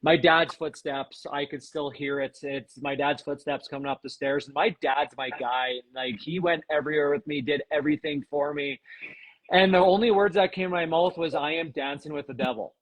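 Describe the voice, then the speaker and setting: A man guest on a podcast, telling a personal story earnestly and with emotion, often pausing with "um". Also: fairly high pitch, steady tone, low-quality recording. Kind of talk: casual conversation.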